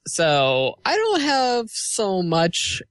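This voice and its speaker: A man's voice: high voice, huge pitch swings, extremely slow, fairly bright tone, clean tone, no echo. A man co-hosting a podcast in casual chat, earnest and easily amused. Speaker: podcast co-host.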